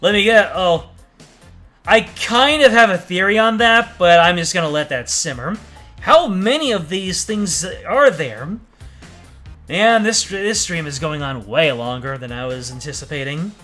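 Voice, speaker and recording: Slow, bright-voiced man streaming a game. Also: high voice, expressive. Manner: chatty, reacting and joking aloud. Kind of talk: casual game streaming commentary. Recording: faint game music behind.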